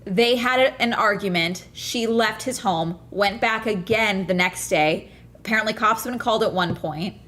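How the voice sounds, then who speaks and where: A woman's voice: medium pitch, normal speed, a bit bright. A woman streamer chatting casually to her viewers, ranting hard and swearing a lot. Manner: ranting, profane, fired up. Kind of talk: casual livestream chat.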